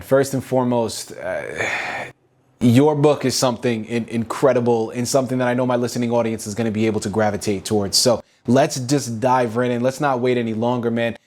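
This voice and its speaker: A man's voice: medium pitch, darkish tone. A man hosting an interview podcast, talking enthusiastically and dropping "man" into his sentences. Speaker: podcast host.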